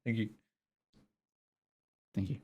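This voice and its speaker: A man's voice: takes it slowly, dull audio. A young man casually commenting while streaming a visual novel, chatty and joking. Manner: jokey, chatty, laughing often. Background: music.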